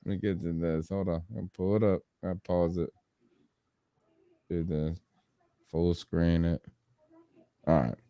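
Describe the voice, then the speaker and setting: A man hosting a sports podcast in casual chat, telling stories with lively acted-out quotes and frequent laughs. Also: low voice, a little slow, pauses often, no room sound. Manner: animated storyteller, acts out quotes, laughs often. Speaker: podcast host.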